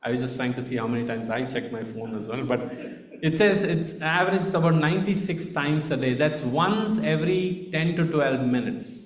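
In a roomy-sounding space, a man preaches with an Indian accent at a moderate pace, his voice slightly high. The sermon feels like a conversation, dotted with frequent "right?" tags.

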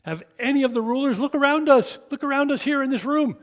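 A man's voice: very high voice, lively intonation, fast, pitched above the performer's own voice. A man acting out indignant, scornful religious leaders who scold their listeners, in a reverberant hall.

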